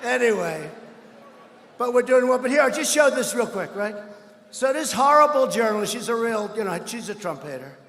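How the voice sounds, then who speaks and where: Man, rally speech, rambling and boastful, high voice, long echo from a large hall. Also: sing-song, normal speed. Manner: rambling, boastful, often shouting. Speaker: political speaker at a rally. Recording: echoey hall with long reverb.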